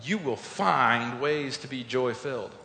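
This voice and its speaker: A man preaching a sermon, telling a personal story with earnest emphasis, swinging between loud points and quiet reflective lines. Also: unhurried. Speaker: pastor. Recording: echoey hall with faint rumble.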